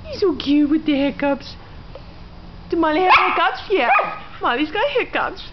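A woman's voice: high voice, very animated, moderate pace. Doting woman baby-talking her puppy. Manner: sing-song, doting, teasing. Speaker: dog owner filming her puppy. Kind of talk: home video baby talk to a pet. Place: home, indoors. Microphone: handheld camera. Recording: dull home video with background noise.

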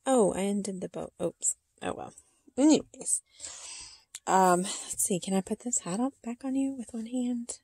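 A woman's voice: mid-range voice, lively intonation, measured pace, pauses often, dark tone, breathy edge, dry recording. A woman unboxing a reborn doll on her channel, talking in a cooing baby-talk way and giggling often. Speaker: reborn doll collector and vlogger. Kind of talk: casual unboxing chat.

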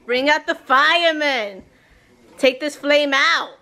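A young adult woman chatting casually for a family vlog, animated and giggly, slipping Spanish words into her talk. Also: high-pitched, slow, creaky. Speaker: vlogger. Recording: noisy handheld camera audio.

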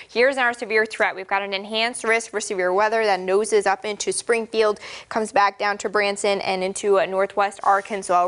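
A woman meteorologist giving a steady, informative broadcast weather forecast. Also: mid-range voice.

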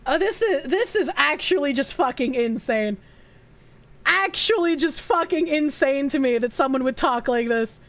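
A woman's voice: sits high, animated, moderate pace, fairly bright tone. A young woman streaming live, reading messages aloud and reacting in a blunt, profane, openly disgusted way.

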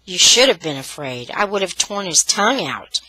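A woman voicing an angry young man who speaks in a harsh, low, clipped way to his sister. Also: big pitch swings, normal speed, bright, forceful tone, slightly rough, dry recording, full character voice, rough recording. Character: young man, hot-tempered, harsh brother.

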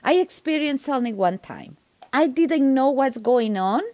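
A woman's voice: sits high, expressive, measured pace, warm tone, dry recording. A woman with a noticeable non-native accent, a medium and tarot reader telling a personal story on a podcast, acting out quoted dialogue and laughing easily. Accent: non-native speaker with a noticeable accent.

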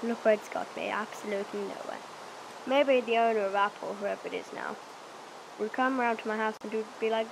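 A woman's voice: mid-range voice, fairly even intonation, a little fast, vocal fry. A young woman casually commenting on her game play, rambling playfully and acting out silly imagined conversations. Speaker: let's play gamer. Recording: noisy home mic recording.

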